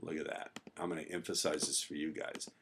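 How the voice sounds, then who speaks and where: A man's voice: extremely low pitch, flat delivery, fairly quick, noisy background. A man coaching viewers through a screen-share tutorial, talking emphatically and repeating key phrases for effect. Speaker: dating coach.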